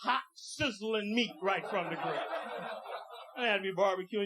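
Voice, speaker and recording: A man doing a stand-up comedy routine on stage, animated and full of asides. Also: sits high, moderate pace. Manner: animated, jumps into character voices. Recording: dull old tape, loud laughing audience.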